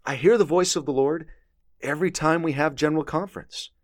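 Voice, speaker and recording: A man's voice: fairly high pitch, a little fast, no room sound, clean studio sound. A man teaching a scripture lesson, reading verses aloud with earnest emphasis. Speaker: religious teacher.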